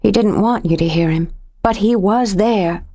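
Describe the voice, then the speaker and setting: A woman voicing a jumpy young woman with a tense, high voice in an audiobook reading. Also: moderate pace, dark tone, close to an everyday voice. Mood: panicked.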